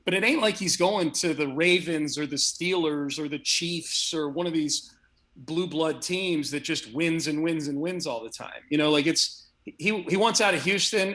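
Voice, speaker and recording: A man's voice: a little high, pushed and bright. A man argues football in a loose, emphatic chat. He piles up examples and restarts his sentences as he pushes his point. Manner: fast, emphatic, restarts often. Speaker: guest sports radio host. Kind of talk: casual sports debate.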